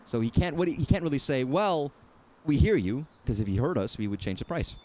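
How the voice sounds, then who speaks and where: A man's voice: medium pitch, expressive, quick pace, warm tone, slight background noise. A man casually commenting while playing a game, talking in a rambling, self-correcting, wry way. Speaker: streamer.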